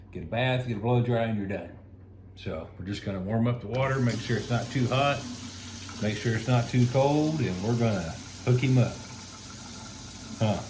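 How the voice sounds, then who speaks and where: A man, chatting casually to the camera and his dog while he grooms it indoors. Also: medium pitch. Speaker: dog groomer and pet owner. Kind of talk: casual vlog narration. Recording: echoey room with loud ambient noise.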